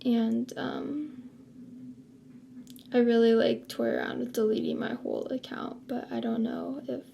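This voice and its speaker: A woman's voice: on the high side, level tone, unhurried, creaky, warm tone, lo-fi sound, slight background noise. A young woman vlogging in a casual chat to camera, rambling with lots of filler words.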